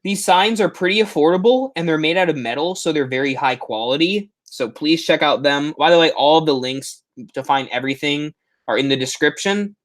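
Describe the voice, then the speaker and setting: A man's voice: fairly high pitch, a little fast. A young man hosting a live stream, chatting enthusiastically and a bit ramblingly about expo footage, often correcting himself mid-sentence. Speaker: horror haunt channel host.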